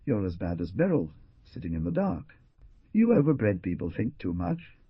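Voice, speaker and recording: A man voicing a big, coarse, mocking man who jeers loudly and bellows with laughter, on a dull lo-fi recording. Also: medium pitch, big pitch swings, normal speed, creaky, slightly rough, dry recording, voice pushed up, heavily acted. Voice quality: loud and jeering.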